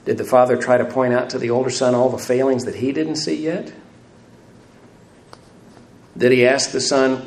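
A man's voice: mid-range voice, normal speed, a little mellow. Man preaching in an echoey hall. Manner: asks the congregation rhetorical questions; light self-deprecating humor. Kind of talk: sermon. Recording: echoey room, faint room noise.

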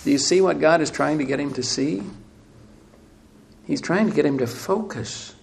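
A man's voice: fairly high pitch, normal speed, vocal fry, a little hiss or hum. Emphatic preacher man with a raised voice. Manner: emphatic rhetorical questions, swings between loud and hushed. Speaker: pastor. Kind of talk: sermon.

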